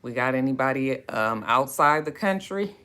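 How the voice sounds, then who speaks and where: A woman's voice: a bass voice, animated, normal speed, a bit bright, smooth. A woman hosting a book club livestream, greeting viewers by name in a chatty, drawling way. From West Coast of the United States. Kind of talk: casual livestream chat.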